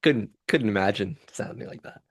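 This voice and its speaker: A young man co-hosts a casual podcast, tossing out jokes and teasing his partner. His voice sits a little low. The recording is close and dry. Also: creaky, no room sound. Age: young adult. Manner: joking, teasing, quick with banter. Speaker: podcast co-host. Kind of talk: casual chat.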